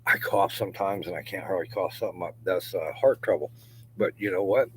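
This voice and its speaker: Outdoors in a yard, a middle-aged vlogger with a deep, low voice delivers a long, profane, rambling monologue, chuckling between phrases and often sinking into mutters and near-whispers. He speaks a little fast, and the low-quality recording has a faint hum underneath.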